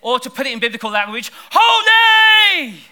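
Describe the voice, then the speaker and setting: Male preacher, high and piercingly bright, lively chatty sermon delivery with strong emphasis. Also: moderate pace. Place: church service.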